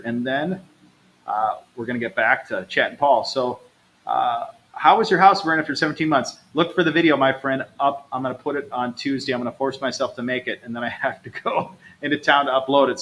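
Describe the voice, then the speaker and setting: A man hosting a live travel stream in a casual, chatty way. He reads out viewer comments and answers them directly. His voice is bright and forward at a middle pitch. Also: a little fast, slight background noise, rough recording. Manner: chatty, upbeat, addresses viewers as "you guys". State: low energy, recovering from stomach trouble.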